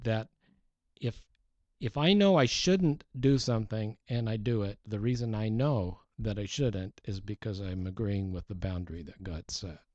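A man's voice: lowish voice, moderate pace, a little mellow, no echo, highs cut off. A man preaching a sermon, teaching earnestly with emphatic rises and frequent restarts. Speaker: pastor.

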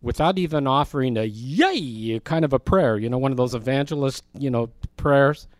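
A man leads a Bible study, talking in an easy, conversational way. He stops to explain words and throws questions to his listeners. His voice is mid-pitched and sounds dry and close, with no room echo. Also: normal speed. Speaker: Bible teacher.

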